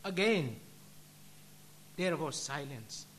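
A religious brother giving a solemn sermon, telling a story and ending in prayer with measured, deliberate delivery. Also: male voice, fairly high pitch, animated, fairly bright tone, slight background noise.

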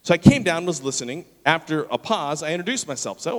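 A man preaches a sermon in a slightly high voice, telling a story with lively energy and acting out its people. The sound carries the long echo of a large church hall. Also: quick pace. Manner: animated, acts out the people in his story. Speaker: pastor.

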